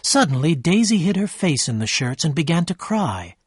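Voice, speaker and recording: Man reading a story slowly and clearly. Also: fairly high pitch, sing-song, no echo, clean studio sound. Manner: clear, slow, measured reading. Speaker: story narrator. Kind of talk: slow scripted narration for learners.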